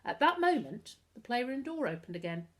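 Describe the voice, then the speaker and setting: A woman reading a children's chapter book aloud in an expressive, animated way. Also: fairly high pitch, normal speed.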